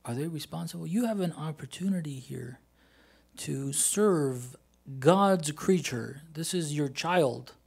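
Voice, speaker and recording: A man delivering a Ramadan-style sermon that swings from hushed, inward reflection to loud, pressing emphasis. He keeps asking his listeners questions and answering them himself. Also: a little high, creaky, slightly rough. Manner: rhetorical questions. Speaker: religious speaker.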